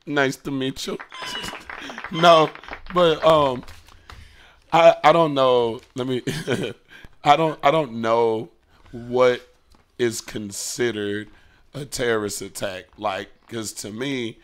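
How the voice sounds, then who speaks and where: A man's voice: medium pitch, slow. A man co-hosting a radio talk show, talking bluntly in casual slang and swearing freely.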